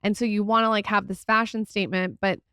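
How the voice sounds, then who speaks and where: A woman's voice: mid-range voice, flat delivery, quick pace, a bit bright, clear, resonant tone, no echo. Woman cohost, kinda hesitant chatty talk, dry studio mic. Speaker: podcast co-host. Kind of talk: casual podcast conversation.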